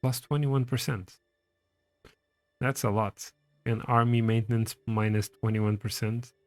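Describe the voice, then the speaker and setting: Slow, musing male game streamer. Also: fairly low pitch, flat delivery, a little mellow, no echo, faint music behind. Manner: musing, reads game text aloud. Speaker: streamer playing a strategy game. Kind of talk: casual gameplay commentary.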